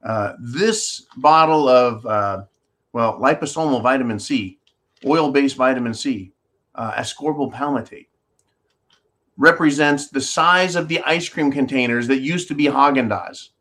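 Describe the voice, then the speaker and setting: Speaking a little slowly in a fairly bright, medium-pitched voice, a man hosts a call-in style commentary show. He reads viewer comments, rants with sarcasm, and swears freely while rambling, holding objects up to a camera.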